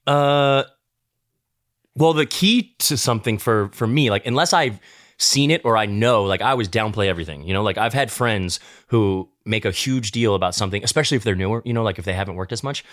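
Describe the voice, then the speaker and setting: Male podcast guest, low-ish voice, rapid rambling talk, dry studio mic. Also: a bit bright, dry recording. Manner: quick, rambling, many fillers. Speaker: guest actor. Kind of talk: casual interview chat.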